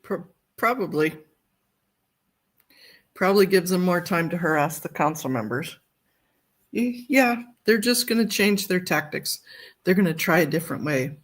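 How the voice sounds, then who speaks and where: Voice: medium pitch, expressive, moderate pace, pauses often, fairly bright tone. A livestream host in casual chat, thinking aloud while fumbling with files on a computer.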